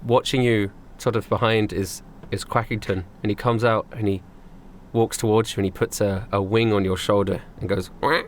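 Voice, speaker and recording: A man narrating as game master, animated and quick to laugh. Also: on the low side, a little hiss or hum.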